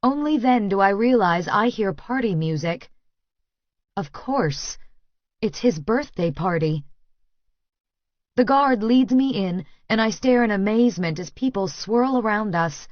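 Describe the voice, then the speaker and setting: A woman reads a tense first-person audiobook in a steady, even manner at a middle pitch. The sound is dry and slightly dull, like a close studio booth with the top end rolled off. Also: a little slow, dry recording. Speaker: audiobook narrator.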